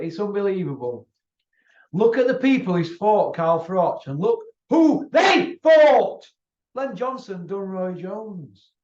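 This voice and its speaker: A man hosting his channel, delivering a combative, repetitive, taunting rant to camera. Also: sits high. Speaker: channel host. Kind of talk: ranting monologue to camera. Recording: roomy, distant, dull lo-fi sound.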